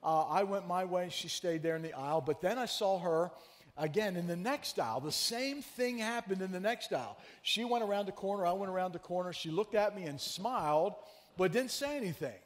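A man preaching a sermon as pastor, telling a story in a chatty, animated way and teasing his congregation. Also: sits high, fairly quick, in a large hall. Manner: conversational, animated storyteller who teases the congregation. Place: church sanctuary.

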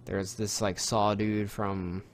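A young man co-hosting a podcast, talking in a rambling, excitable way with lots of fillers and swearing. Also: lowish voice, slow pace, a little hiss or hum. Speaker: podcast co-host. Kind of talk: casual chat.

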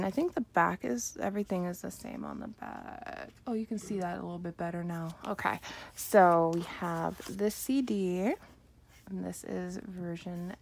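A young woman unboxing an album on camera, gushing and giggling with lots of excited exclamations. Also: medium pitch. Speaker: unboxing vlogger. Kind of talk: excited casual unboxing chat.

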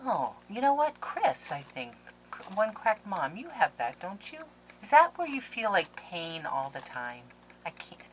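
A woman hosting a crafting channel, chatting casually to viewers in a gushing, excitable way as she opens mail at home. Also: mid-range voice, unhurried. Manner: excitable and gushing, with gasps and laughs. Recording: noisy background with clicks.

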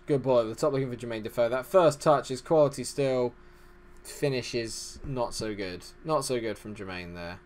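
A man chats his way through a let's-play, narrating the action and rambling off on tangents. He talks at an ordinary, middle pitch and keeps poking fun at himself. Faint background noise sits behind him. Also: darkish tone. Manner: rambling, self-deprecating chatter. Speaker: gaming channel host. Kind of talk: casual let's-play commentary.

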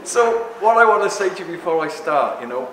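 A man giving a rambling, joking live talk to an audience, speaking loudly without a microphone. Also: on the high side, expressive, fast talker. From Greek heritage. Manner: jokey, rambling, loud. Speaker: guest speaker. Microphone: no microphone, room recording. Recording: echoey room with background noise.

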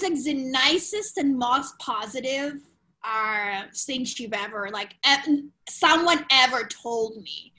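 A woman, a podcast guest frankly telling a personal story in animated, loose English. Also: fairly high pitch, low-quality recording. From Ukraine. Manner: animated, frank, swears casually, non-native grammar.

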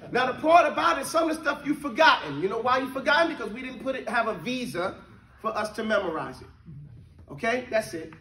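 A man with a very high, bright voice teaches a class. He keeps checking in with his students and sometimes chants a verse for them. He is picked up from across an echoey room. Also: expressive, fairly quick. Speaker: religious teacher. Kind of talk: interactive classroom lesson. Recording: echoey room from a distant mic.

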